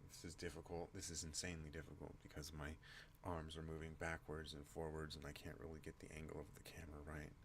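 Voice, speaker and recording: A man hosting an ASMR channel, talking in a slow rambling way and drifting off on tangents. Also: slight background noise. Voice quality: deep relaxed voice. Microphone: non-binaural desk microphone.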